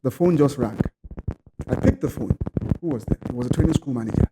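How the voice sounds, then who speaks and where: A man from Nigeria, a podcast guest telling a personal story in a lively way, acting out other people's voices and sometimes repeating words. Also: mid-range voice, a little fast, very noisy.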